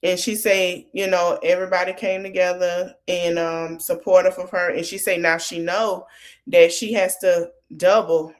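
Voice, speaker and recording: A woman's voice: on the low side, flat delivery, moderate pace. A woman podcast host casually recapping a TV episode, retelling the scenes line by line in a loose, chatty way. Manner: retells scenes quoting each line of dialogue; loose, conversational with many fillers.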